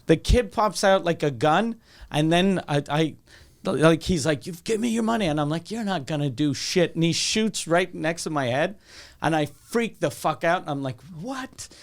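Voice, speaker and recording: With a slightly high voice and lively intonation, a Canadian man delivers casual comedic storytelling on his podcast at a normal pace. The tale is long, profane and rambling, and he acts out what its characters say.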